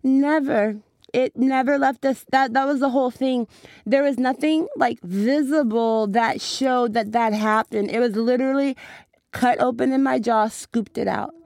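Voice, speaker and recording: Chatty young woman from Atlanta, higher voice. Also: measured pace, vocal fry, a little mellow, no room sound. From Atlanta, USA. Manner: chatty, upbeat, many "like"s. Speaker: interview guest. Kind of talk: casual interview talk.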